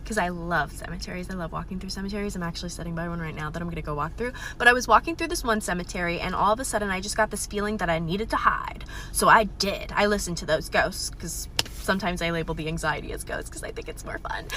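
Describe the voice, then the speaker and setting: A woman chatting outdoors near a cemetery, telling a scary story in a jokey way, with big swings in pitch. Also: pushed and bright, a little hiss or hum. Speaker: storyteller in a social media clip. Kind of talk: casual storytelling.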